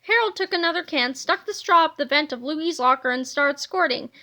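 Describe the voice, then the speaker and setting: A woman reading a children's book aloud in an animated storybook manner. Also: high-pitched, fairly quick, a little hiss or hum. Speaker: reader.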